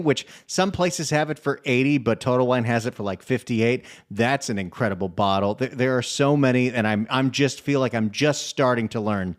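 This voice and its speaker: A man hosting a radio talk show in a chatty, enthusiastic way, taking calls and reading listener emails. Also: mid-range voice. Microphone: studio microphone.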